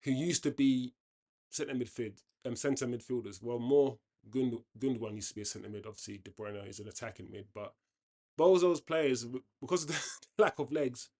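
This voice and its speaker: A man running a football watchalong talks about the game in a relaxed, opinionated way, often starting his sentences over. He speaks at a normal speed in an everyday middle register with a darkish color.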